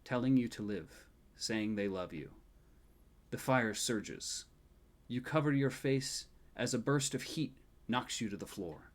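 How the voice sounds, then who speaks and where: A male game master reads out a tabletop game scene in measured, soft narration. His voice sits at an ordinary mid-range pitch and sinks to a hush in the sorrowful parts. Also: lively intonation. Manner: soft, measured, dropping quiet at sad moments.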